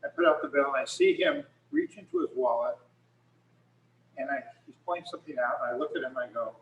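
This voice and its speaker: A man's voice: mid-range voice, huge pitch swings, a little fast, fairly bright tone, distant mic, slight background noise. A middle-aged man, a photographer, telling rambling stories in casual talk on a video call with many restarts. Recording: echoey room, speaker off mic.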